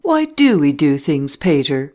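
A reader voicing a lively young woman who laughs and teases, with a high mocking way of talking. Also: measured pace. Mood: teasing.

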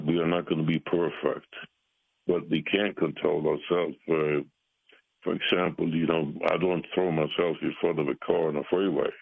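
Very deep gravelly man on a phone line. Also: no room sound. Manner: earnest, halting with many fillers. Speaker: pastor and author, guest. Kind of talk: radio call-in conversation. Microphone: telephone.

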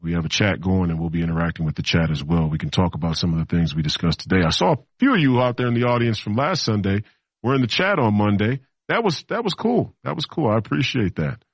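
Deep-voiced man hosting a rambling political talk show. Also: animated, quick pace, no echo. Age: 30s. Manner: rambling, repeats himself, mocking asides.

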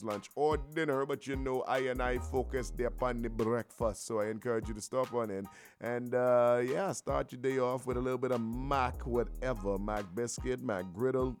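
Morning radio guy, loose and rambly, slangy, soft music behind him. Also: medium pitch. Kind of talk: casual radio chat.

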